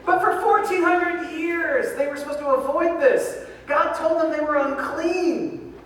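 A man preaching a sermon as pastor, lively and joking, recorded from a distance in a large church hall. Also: high voice, slight background noise. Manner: lively, joking preacher who acts out voices. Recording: echoey hall from far off.

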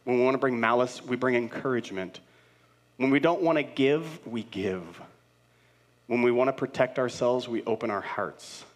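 A man's voice: mid-range voice, moderate pace. Earnest male pastor preaching. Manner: earnest, builds in repeated phrases, swings between loud and hushed. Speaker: senior pastor. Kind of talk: sermon.

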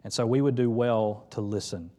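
A man's voice: lowish voice, normal speed, dark tone. A young man, a pastor, preaching a sermon in a conversational, storytelling way and reading scripture aloud.

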